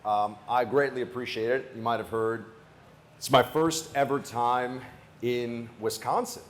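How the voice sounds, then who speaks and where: A man's voice: mid-range voice, fairly even intonation, measured pace, a little hiss or hum. A man, a radio host, giving a political rally speech with a joking, anecdotal storytelling manner.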